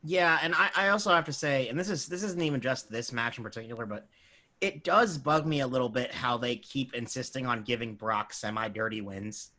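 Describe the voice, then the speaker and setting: A man's voice: medium pitch, a little fast. A man co-hosting a podcast, chatting casually and hedging his opinions with "like.". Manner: animated, hedging with "like". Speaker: podcast co-host. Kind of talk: casual chat.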